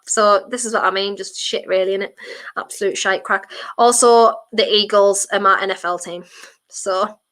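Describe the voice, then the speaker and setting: Bright-voiced North East English woman streaming. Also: a little high. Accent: mixed North East English, toned down. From Durham, England. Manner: chatty, blunt, mild swearing, self-deprecating. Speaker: football watchalong streamer. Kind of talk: casual live-stream chat reading viewer comments.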